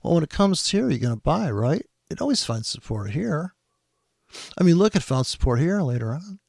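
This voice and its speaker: Male trading commentator, gravelly, exasperated, sarcastic and profane. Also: fairly high pitch, sing-song, moderate pace, darkish tone, dry recording, studio quality. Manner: exasperated, sarcastic, heavy swearing. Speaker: trading commentator reacting to a video.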